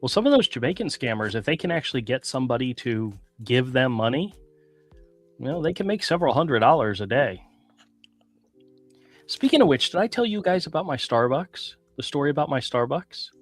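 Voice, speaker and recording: A man's voice: mid-range voice, very animated, brisk, no echo, soft background music. A man hosting a casual live stream, rambling through stories in a self-mocking way and laughing often. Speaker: podcast host. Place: small room with some echo.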